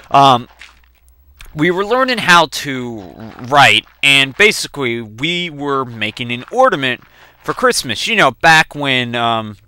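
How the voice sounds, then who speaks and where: A young man rambling through profane, animated personal anecdotes while playing a video game. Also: medium pitch, clean tone, no room sound. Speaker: let's play gamer. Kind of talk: casual storytelling while gaming.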